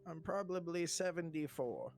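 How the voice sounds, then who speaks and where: Higher-voiced guy at a tabletop game, dry and deadpan, faint music in the back. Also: normal speed. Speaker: player. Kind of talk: tabletop role-play chat.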